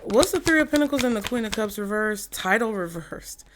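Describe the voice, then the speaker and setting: A woman's voice: medium pitch, expressive, brisk, background noise. A woman giving a casual tarot reading in a chatty way. She swears freely, restarts her sentences and trails off. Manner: chatty, swears freely, acts out quotes in mock voices; stops to laugh, trails off, restarts. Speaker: tarot reader.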